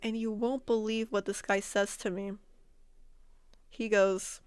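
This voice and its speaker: Chatty woman streamer, smooth voice. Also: medium pitch, measured pace, pauses often, dry recording. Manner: animated, laughs often, repeats words while telling a story. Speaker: streamer and artist. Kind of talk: casual storytelling to chat. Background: faint background music.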